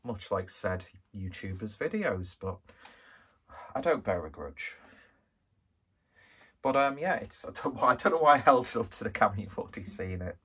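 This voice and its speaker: A man's voice: fairly low pitch, sing-song, moderate pace, long pauses, sharp tone, husky. A man, from northwest England, chatting through a casual beer review in a rambling, self-deprecating, jokey way. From Skelmersdale, northwest England.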